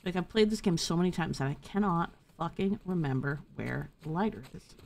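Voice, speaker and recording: A woman's voice: fairly low pitch, expressive, fairly quick, gravelly, a little mellow. Playful swearing woman streaming a game. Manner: playful, swears freely, talks to chat. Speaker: gaming streamer. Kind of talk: casual live gameplay commentary.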